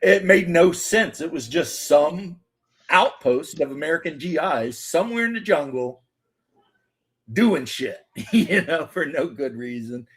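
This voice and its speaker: A man's voice: a little high, expressive, unhurried, slightly rough. A man hosting a casual chat, telling long rambling stories, acting out quotes and swearing freely. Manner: rambling storyteller, acts out quotes, swears, laughs. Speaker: host.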